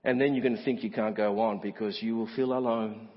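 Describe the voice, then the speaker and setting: A man preaching a sermon as pastor, asking the congregation direct questions and swinging from high emphatic peaks to quiet asides. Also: steady tone, a little fast, breathy edge. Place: church. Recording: muffled church sermon recording with long reverb.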